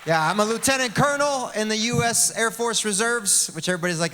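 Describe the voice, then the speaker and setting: A man in his thirties with a high, bright voice hosts a gala and tells quick comic stories, slipping into quoted voices. His voice rings out with a long hall reverb behind it. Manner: lively storytelling with acted-out quotes. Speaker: event emcee and comedian. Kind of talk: stand-up comedy between program segments. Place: large event hall.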